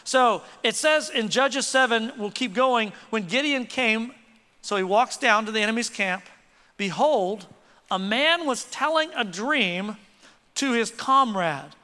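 A man preaching a lively sermon with quick asides, leading the congregation in call and response. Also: very high voice. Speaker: pastor. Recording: reverberant church hall.

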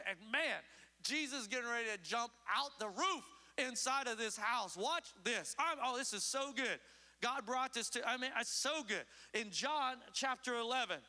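A man preaching a sermon as pastor, emphatic, swinging between loud urgent calls and low hushed asides. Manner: emphatic preaching with sweeping pitch swings and acted quotes. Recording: long hall reverb.

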